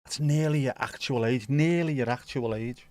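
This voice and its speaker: A man's voice: mid-range voice, normal speed, darkish tone, no echo, studio quality. A man hosting a football watch-along stream, chatting casually and joking as he reads viewer comments.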